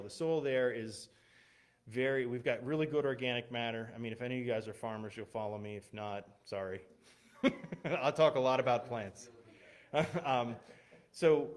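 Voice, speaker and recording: A man, a missionary pastor, speaking as a guest in a church, telling personal stories in a conversational way with fillers and restarts. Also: mid-range voice. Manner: conversational, many fillers and restarts, laughs at himself. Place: church, streamed online. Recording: unstable internet stream with glitches.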